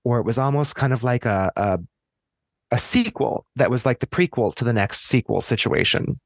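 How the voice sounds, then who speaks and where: A man's voice: medium pitch, moderate pace, dry recording, clean studio sound. An American man speaking as a podcast guest in a casual discussion. He thinks aloud, chats freely and often restarts his sentences.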